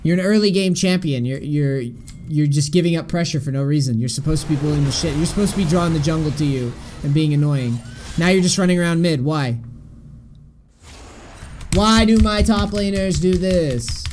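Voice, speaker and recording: A young man with a fairly high voice coaches a player live, blunt and exasperated, cursing as he picks apart every mistake. A faint hiss of background noise sits under his voice. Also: quick pace, darkish tone. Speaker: game coach. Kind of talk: live-stream coaching commentary.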